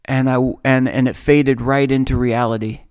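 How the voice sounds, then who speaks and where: A man telling a personal story in an earnest, halting way, often repeating his phrases. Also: medium pitch, level tone, darkish tone, clear, resonant tone. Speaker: storyteller recounting a dream. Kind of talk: emotional first-person storytelling.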